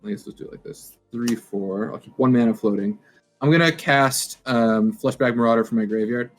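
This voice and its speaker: A man's voice: mid-range voice, normal speed, soft background music. Easygoing man counting aloud on a webcam. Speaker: card game player. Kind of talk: casual game-play chat. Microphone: webcam video call.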